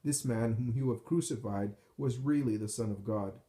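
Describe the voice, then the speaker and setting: A man reading the part of a stern heathen soldier who speaks in a flat, commanding way. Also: medium pitch, moderate pace, close to an everyday voice.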